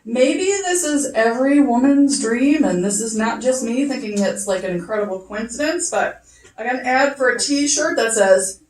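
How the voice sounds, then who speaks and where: A middle-aged woman with a high voice working through a chatty stand-up set. She pokes fun at herself and swears casually. The sound is echoey, with her voice a little off from the mic. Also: lively intonation, normal speed, a little mellow, recorded from a distance. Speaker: first-time stand-up comic. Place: comedy club stage.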